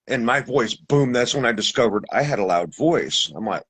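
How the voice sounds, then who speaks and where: A man with a husky voice, telling his experience in a casual, rambling way, with restarts and acted-out quotes. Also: medium pitch, brisk, a bit bright, low-quality recording. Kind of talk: casual storytelling.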